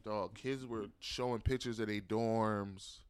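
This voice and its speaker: Low-voiced man in slangy chat. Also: steady tone, measured pace, clear, resonant tone. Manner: loose, slangy talk. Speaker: podcast co-host. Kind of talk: casual chat.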